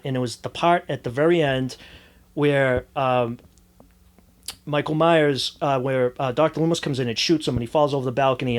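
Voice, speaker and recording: A man chatting casually on a podcast, telling animated stories and slipping into voices for people in them. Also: mid-range voice. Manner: animated storyteller, does voices in anecdotes. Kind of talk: casual chat.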